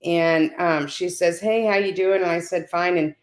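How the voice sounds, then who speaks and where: A lower-pitched woman speaks on a video call, telling a personal story with lively, conversational momentum. She keeps checking in with her listeners with "right?". Her voice carries a noticeable roomy echo. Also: moderate pace. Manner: animated storyteller, tags lines with "right?". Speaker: guest.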